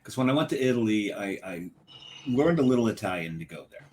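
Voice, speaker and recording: A man from the United States co-hosts a relaxed podcast. His voice sits on the low side, and he talks in a chatty, animated way. He laughs easily as he chats. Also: brisk, slight background noise, low-quality recording. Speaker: podcast co-host. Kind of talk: casual podcast chat.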